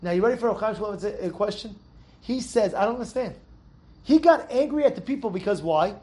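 A man's voice: sits high, expressive, brisk, warm tone. A man giving an informal Torah lesson, full of rhetorical questions and repeated, restarted words. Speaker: Torah teacher.

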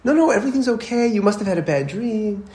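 A man doing a high, soothing mother. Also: animated, fast, darkish tone. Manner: pleading, reassuring, growing agitated. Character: worried, soothing mother of a small boy. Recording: echoey room.

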